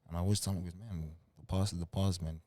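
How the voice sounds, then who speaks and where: A soft-spoken young man from New Zealand, telling stories in a relaxed, casual way as an interview guest. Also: low voice, quick pace. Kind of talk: casual storytelling.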